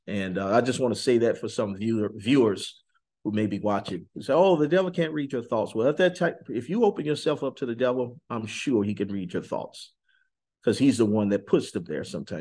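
A man giving an earnest, intense testimony in a sit-down interview, slowing on key words and rising suddenly in pitch and volume. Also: a little mellow. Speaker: interview guest.

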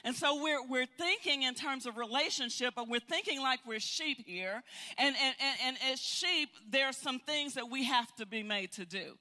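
An older woman teaching a Bible study, telling stories in an animated way and often repeating words. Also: sits high, moderate pace. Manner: animated, storytelling with frequent repeats. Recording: hall reverb.

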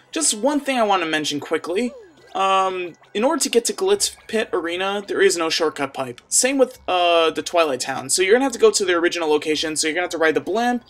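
A hoarse man talks through a video game walkthrough, explaining each step in a chatty way. His pitch rises and falls a lot, and quiet music plays under him. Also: lively intonation, a little fast. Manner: chatty, laughs often, explains steps. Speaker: let's play host.

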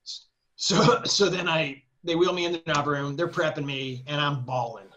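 Animated, slightly high-voiced man telling a story. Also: a little fast. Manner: animated, swearing freely, laughing between phrases. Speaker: guest composer. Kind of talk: casual interview storytelling.

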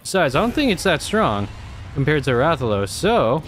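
A man's voice: on the high side, very animated, normal speed, a bit bright, a little hiss or hum. A young man commenting on his own gameplay, exasperated and cursing often as he talks to himself. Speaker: gamer.

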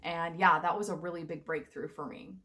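A woman's voice: fairly low pitch, steady tone, fairly quick, bright, forceful tone. A young adult woman telling her personal story in a casual, rambling, emotional vlog. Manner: chatty, rambling, emotional, with frequent fillers and laughs. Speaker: vlogger.

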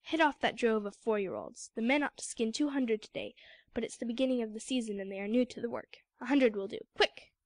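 Casting: a woman playing an older superstitious hunter, low hushed muttering, dry sound. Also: fairly quick, dry recording, lightly acted. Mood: uneasy.

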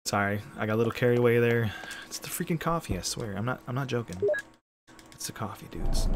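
A man's voice: mid-range voice, expressive, fast, heavy background noise. A man speedrunning a game live, joking and swearing casually while talking straight to his chat. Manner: joking, addresses chat directly, swears freely. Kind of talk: casual live-stream commentary. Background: game music.

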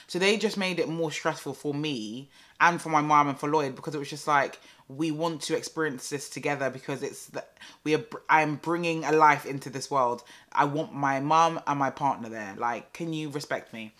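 A young woman telling a story casually to camera, chatty and animated with lots of fillers and repeats. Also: deep voice, normal speed. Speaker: vlogger.

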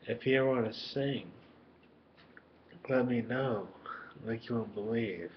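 A man's voice: medium pitch, measured pace, highs cut off, very noisy. A man rambling crudely and lovestruck in a webcam monologue at home. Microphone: webcam microphone.

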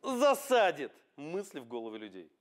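A man lectures on public speaking in a lively, fairly high voice that swoops up and down as he shows how to change tone. His delivery is emphatic and motivational, like a coach working a seminar audience. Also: fairly quick, no room sound. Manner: emphatic, demonstrates tone shifts.

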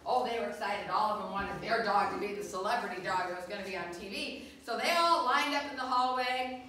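A middle-aged woman hosting a children's show, telling a lively story to a crowd of kids and asking them questions. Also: mid-range voice, fairly quick. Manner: animated, asks the kids questions. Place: school hall with a live audience. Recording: echoey hall from a distant mic.

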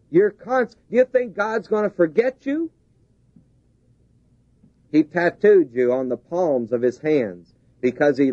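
A man's voice: fairly high pitch, dark tone, no echo. A man preaching a sermon, driving his points home with repeated, rising emphasis. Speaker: pastor. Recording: dull lo-fi 1970s tape.

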